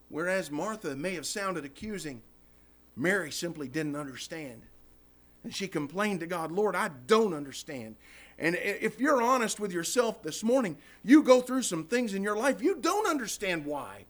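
A man's voice: high-pitched, sing-song, moderate pace. A man preaching a sermon in church, impassioned, acting out prayers and calling the congregation "guys.".

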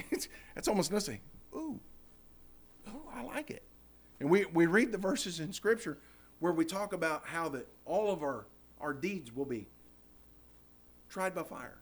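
Man, Baptist preacher, folksy Bible study sermon, animated, somewhat high voice. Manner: folksy, animated, repeats "man, I tell you what".

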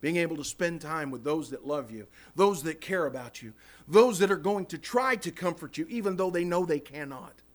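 A man's voice: a little high, animated, normal speed. A man preaching a sermon in church, impassioned, acting out prayers and calling the congregation "guys.".

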